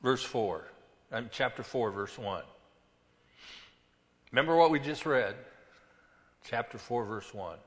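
Pastor, male, slow deliberate sermon delivery, bright tone, church hall echo. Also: medium pitch, expressive. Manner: slow, emphatic preaching with scripture reading.

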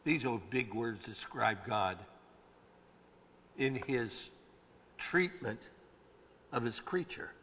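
A man preaching a sermon, swinging from hushed, low phrases to loud shouted ones and drawing key words out slowly. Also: lively intonation, breathy edge. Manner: slow, drawn-out emphasis on key words. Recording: long reverb of a large hall.

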